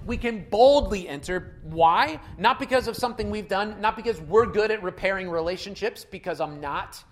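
A pastor delivering a sermon in a relaxed, conversational manner with a middle pitch. The speaker leans on repetition to drive points home and talks directly to the listeners. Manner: conversational, emphatic, repeats key phrases.

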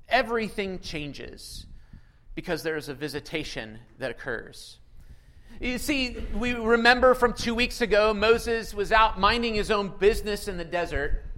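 A male pastor preaching a sermon in a church, telling stories with lively acted-out quotes and questions to the congregation. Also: sits high. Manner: animated storytelling, acts out quotes, asks congregation questions. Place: church sanctuary.

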